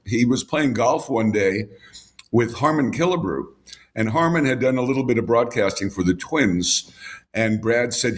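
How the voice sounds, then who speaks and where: Older man with a husky voice. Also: medium pitch, normal speed. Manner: reminiscing, piles up names and details, chuckles. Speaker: baseball radio broadcaster, guest. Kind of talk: casual storytelling in a podcast chat.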